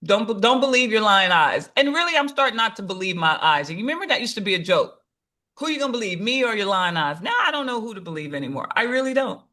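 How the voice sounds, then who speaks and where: Bright-voiced animated woman podcast host. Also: medium pitch, fast, hardly any pauses. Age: 50s. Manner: animated storytelling with quoted voices. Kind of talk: casual chat.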